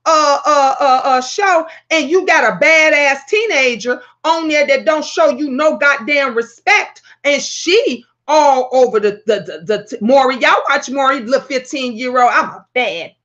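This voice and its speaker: A woman hosting her own talk vlog, telling stories in a brash, profane, animated way. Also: high voice, a little slow, hardly any pauses, dull audio. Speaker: talk show host.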